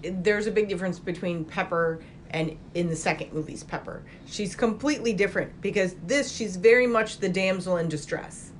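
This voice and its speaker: A woman's voice: fairly low pitch, moderate pace, a little hiss or hum. Opinionated woman in a movie chat. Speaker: podcast co-host.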